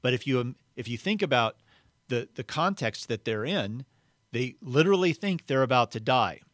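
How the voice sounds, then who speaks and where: A man's voice: mid-range voice, lively intonation, moderate pace, a bit bright, dry recording, studio quality. A man preaching a sermon in an earnest, conversational way, retelling scripture in plain everyday words. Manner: earnest, conversational, acts out the quoted voices.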